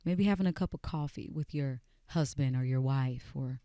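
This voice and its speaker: A woman who is a musician, talking calmly and playfully as a guest on a radio show. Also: rumbling low, moderate pace, no room sound, clean studio sound. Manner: calm, soothing way of talking. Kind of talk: casual radio interview. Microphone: studio microphone.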